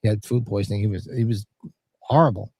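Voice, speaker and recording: Chatty husky-voiced man hosting a stream. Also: fairly low pitch, fairly even intonation, quick pace, warm tone, no echo. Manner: rambling, chatty storyteller. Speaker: livestream watch-party host. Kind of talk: casual chat. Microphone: podcast mixer setup.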